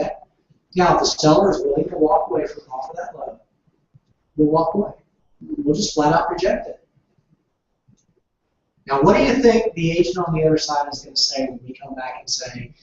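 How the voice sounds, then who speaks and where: Training real estate agents in negotiation, a man with a highish, darkish voice swings his pitch widely, speaks at a moderate pace, and pauses often. He puts questions to the room and waits for replies. It's captured on a distant, dull mic in an echoey room.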